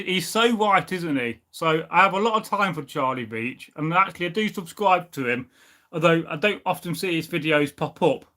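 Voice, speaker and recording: A man's voice: fairly high pitch, bright, forceful tone. A man hosting a live stream and reading the chat aloud, talking in a rambling, opinionated way with plenty of fillers.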